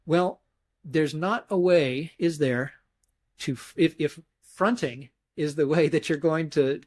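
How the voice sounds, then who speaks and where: Guy guest explaining hebrew grammar, slightly higher voice, thinks aloud and restarts a lot. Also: takes it slowly, darkish tone. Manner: thoughtful, explains step by step with self-corrections; mimics emphasis with his voice in examples. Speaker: interview guest, scholar. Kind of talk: academic explanation in conversation.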